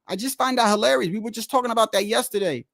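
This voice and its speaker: High-voiced man rambling about boxing. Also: fast, vocal fry, a bit bright, no echo, studio quality. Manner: rambling, repeats "bro", restarts often. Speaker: streamer reacting to boxing clips. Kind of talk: casual reaction commentary.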